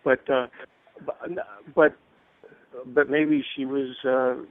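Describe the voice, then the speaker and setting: A male guest in a casual interview, friendly and halting with frequent restarts. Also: mid-range voice, little pitch movement, no room sound. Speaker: guest actor. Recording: tinny phone-line audio.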